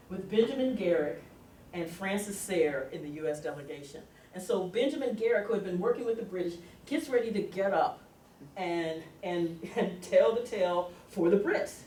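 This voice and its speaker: A woman lecturing on history in a lively storytelling way, laughing often along the way. She is picked up from a distance in an echoey hall, with a faint hum underneath. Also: mid-range voice, moderate pace. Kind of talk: university lecture. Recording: roomy, distant lecture recording.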